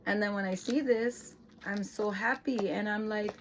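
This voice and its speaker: Slow-talking, earnest mother. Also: mid-range voice, slight background noise. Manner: emotional, earnest, lapses into excited praise voice. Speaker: mother of an autistic son. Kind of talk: casual explanatory vlog.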